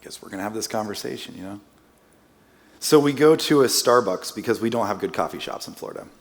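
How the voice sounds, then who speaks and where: A man's voice: fairly low pitch, lively intonation, fast talker. A man preaching as a guest speaker in a church, telling a personal story in a casual, self-deprecating way with joking asides. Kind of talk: conversational sermon storytelling. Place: church sanctuary. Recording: long church-hall reverb.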